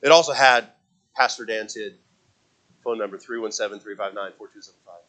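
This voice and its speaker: The sermon comes from a man with a fairly low voice speaking a little fast, and the audio is poor. He stresses his points hard, reads out scripture, and varies his loudness up and down.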